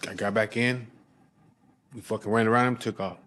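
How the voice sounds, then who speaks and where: A man's voice: lowish voice, fairly even intonation, fairly bright tone. A man telling a story in a casual, blunt way, full of swearing, stumbling and repeating himself as he goes. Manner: blunt and heavily profane; halting restarts and repeated words. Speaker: storyteller recounting his past.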